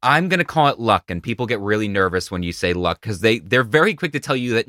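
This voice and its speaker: A man's voice: mid-range voice, sing-song, fairly quick, hardly any pauses, pushed and bright, dry recording, studio quality. A man hosting a podcast, chatting casually and telling stories with playful asides. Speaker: podcast host. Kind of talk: casual conversation. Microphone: studio mic in a treated home studio.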